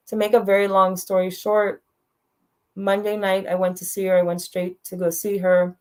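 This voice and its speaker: A middle-aged woman speaks frankly and directly about hard times in her own life. Her voice sits at a middling pitch, and she laughs now and then through the difficult parts. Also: level tone, normal speed. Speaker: guest sharing a personal story. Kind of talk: candid storytelling on a talk show.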